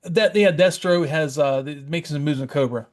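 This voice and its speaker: A man's voice: on the high side, moderate pace. A man co-hosting a podcast, chatting casually about a comic, rambling a bit and chuckling often. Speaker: podcast co-host. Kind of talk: casual comic-book chat.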